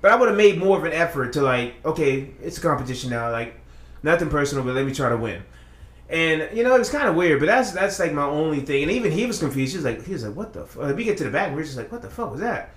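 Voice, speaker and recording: A man's voice: a little high, sing-song, fast talker, fairly bright tone, roomy sound. A man on a casual podcast, telling a long story in a rambling, profane way with many restarts. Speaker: podcast co-host.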